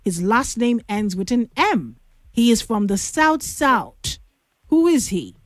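Woman, radio host, high lively voice, unhurried teasing delivery, dry close mic. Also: no room sound. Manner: lively, teasing, drawn-out emphasis. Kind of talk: playful call-in radio chat. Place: radio studio.

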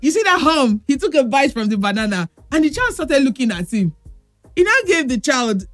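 A woman's voice: high-pitched, big pitch swings, moderate pace, no echo, faint music behind. A woman with a Nigerian accent hosting a call-in radio show, telling stories and chatting fondly with callers. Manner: affectionate, storytelling with sung bits.

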